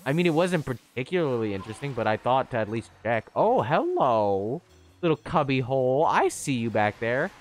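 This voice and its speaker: A man giving chatty, excitable live commentary on a game he is playing, with sudden high squeals. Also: moderate pace, soft background music. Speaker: streamer.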